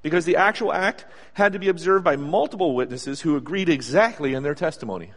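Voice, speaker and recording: A man with a fairly high voice delivers a sermon, chatting with his listeners and acting out little scenes along the way. His voice rings with a long reverb, like a big hall. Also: fast talker. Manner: conversational, animated storytelling with acted asides. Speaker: preacher.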